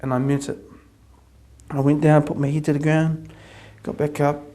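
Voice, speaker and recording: A man with a New Zealand accent giving an earnest personal testimony, repeating phrases as he builds up excitement. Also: fairly high pitch, normal speed. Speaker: convert sharing his testimony.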